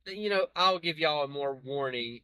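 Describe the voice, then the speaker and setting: A man's voice: a little high, animated, normal speed, pushed and bright, clear, resonant tone, no echo. A man hosting a reaction video, talking casually to viewers in a rambling, self-correcting way with chuckles. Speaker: reaction channel host.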